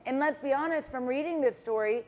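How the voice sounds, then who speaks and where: A woman's voice: sits high, fairly quick, a little mellow. A woman co-hosting a morning talk show who gives frank opinions and sometimes stumbles over her words. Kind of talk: casual talk show chat.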